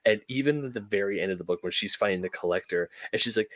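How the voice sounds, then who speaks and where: A man co-hosting a casual podcast chat, rambling enthusiastically and quoting characters in lively voices. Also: fairly low pitch, quick pace, hardly any pauses, no room sound. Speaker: podcast co-host.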